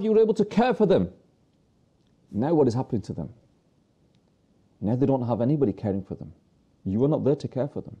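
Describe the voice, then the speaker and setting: A man's voice: high voice, warm tone, muffled recording. A man presenting a religious talk to viewers, earnestly preaching with rhetorical questions and repeated phrases.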